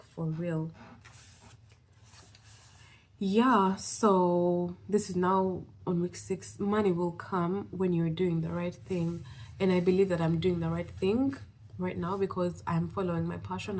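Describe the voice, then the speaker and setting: A woman's voice: lowish voice, fairly even intonation, unhurried, darkish tone, slight background noise. A woman from East Africa talking in a casual vlog check-in, rambling and upbeat, effusively grateful and a little out of breath. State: slightly out of breath. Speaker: vlogger.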